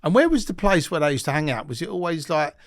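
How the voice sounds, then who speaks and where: A man's voice: on the high side, very animated, fast talker, dry recording, studio quality. A man interviewing a guest in casual chat, affirming her and teasing with jokes. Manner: affirming, joking and prompting.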